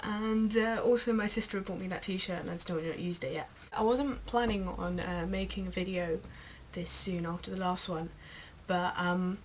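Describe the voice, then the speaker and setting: A woman's voice: on the low side, steady tone, moderate pace, slight background noise, rough recording. Exasperated young British woman ranting. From Britain. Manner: rambling and exasperated, with many fillers. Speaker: vlogger. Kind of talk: ranting vlog monologue.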